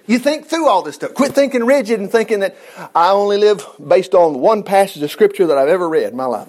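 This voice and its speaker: Folksy man teaching scripture, rambling and joking, high voice that swings widely. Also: very animated, brisk. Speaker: Bible teacher. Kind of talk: casual Bible teaching.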